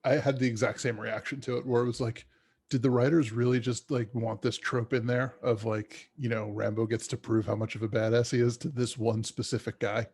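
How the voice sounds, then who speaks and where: A man's voice: medium pitch, flat delivery, fairly quick, darkish tone. A man co-hosting a podcast, chatting casually about movies in a rambling way with frequent restarts. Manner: rambling, many restarts and fillers. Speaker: podcast co-host.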